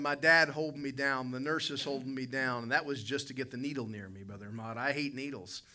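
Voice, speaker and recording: A man with a medium pitch preaches as a pastor, animatedly narrating a story that erupts now and then into loud outbursts.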